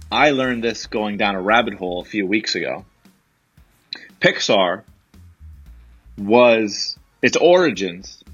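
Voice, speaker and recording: Young man, podcast co-host, husky, bright, chatty, teasing, home recording, dull lo-fi sound. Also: on the low side. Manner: chatty, explains, teases his co-host. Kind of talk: casual chat.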